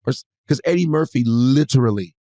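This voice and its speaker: With a mid-range voice and a brisk pace, this comedian guest animatedly narrates a story in casual conversation. He freely swears and acts out what other people said in shifting voices, captured in a dry recording.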